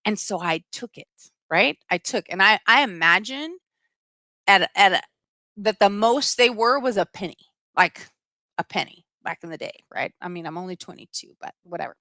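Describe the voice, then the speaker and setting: A middle-aged woman hosting a live stream, telling a personal story in an animated, emphatic way and often checking in with "right?". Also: mid-range voice, moderate pace, no room sound.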